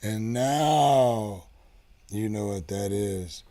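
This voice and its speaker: A man hosting a casual live show, rambling along with lots of halting restarts. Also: fairly low pitch, mellow. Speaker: show host. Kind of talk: casual live-stream chat.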